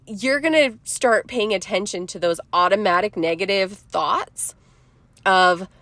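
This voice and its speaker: Gentle mom giving calm advice, dry sound. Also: female voice, mid-range voice, a little slow, no room sound. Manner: gentle, reassuring, checks in with "okay?" and "right?". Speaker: podcast host and mother. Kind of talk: casual self-help advice monologue.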